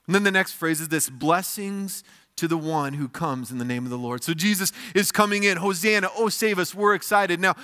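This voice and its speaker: A man preaching a sermon in a church, explaining scripture in plain, conversational terms. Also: smooth. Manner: prays in a softer, lower voice. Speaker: pastor.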